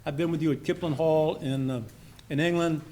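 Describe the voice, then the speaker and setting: An older man from Maryland speaks to a society gathering in a loose, folksy way, stopping and restarting often. His voice sits a little high for a man. A faint hum runs under the talk. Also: steady tone, a little fast, warm tone. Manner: rambling, folksy, with many fillers and restarts. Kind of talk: informal after-dinner speech.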